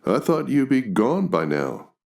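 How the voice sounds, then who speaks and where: A man's voice: medium pitch, sing-song, a little slow, gravelly, pitched above the performer's own voice. A man reading a storybook, voicing a young man who is charming but can sneer and tease. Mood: coaxing. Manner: teasing, sneering at times. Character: young man, charming yet sharp-tongued.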